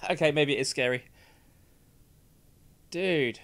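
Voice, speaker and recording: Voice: medium pitch, expressive, a little slow, long pauses. A gaming streamer with a British accent, giving sweary, jumpy, chatty commentary over a game. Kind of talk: let's play commentary.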